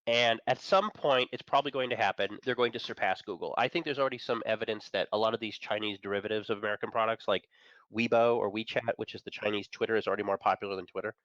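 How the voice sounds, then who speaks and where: A man's voice: fairly low pitch, fast, a bit bright, dry recording, lo-fi sound. A man chatting as a guest on a talk show, enthusiastic and opinionated, chuckling between points. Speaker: guest, managing editor of an entertainment and tech site. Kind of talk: casual chat.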